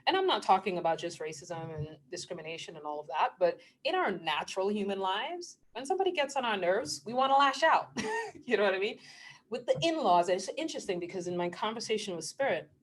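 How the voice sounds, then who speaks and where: A middle-aged woman vlogger talking casually about spiritual matters, earnest and emotional, often laughing mid-sentence and sometimes dropping to a hushed near-whisper. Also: medium pitch, very animated, fairly quick. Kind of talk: casual spiritual talk to camera.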